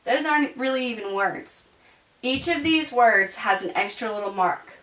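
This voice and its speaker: A woman's voice: a little high, lively intonation, moderate pace, a bit bright, far from the mic. A woman teaching a French grammar lesson in a chatty classroom manner. She often stops to check in with her students. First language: English. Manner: chatty, explaining with frequent "right?" check-ins. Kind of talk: classroom lecture. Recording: echoey room, voice away from the mic.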